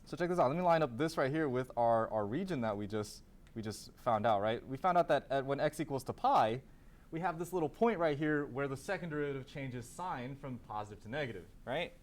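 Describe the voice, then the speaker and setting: A man's voice: medium pitch, expressive, a little fast. A man teaching a calculus class, asking students questions, then answering them himself and repeating key terms. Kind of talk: classroom lecture.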